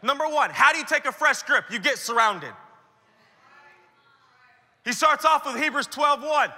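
Bright-voiced male pastor preaching. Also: extremely high pitch, lively intonation, unhurried, pauses often, big-room sound. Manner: conversational preaching, acting out quoted voices. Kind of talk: sermon to church leaders. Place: large conference hall.

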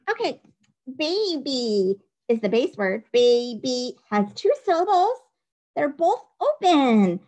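A woman teacher giving a recorded phonics dictation lesson, playful and spelling things out clearly. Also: high-pitched, sing-song, slow, darkish tone, rough recording.

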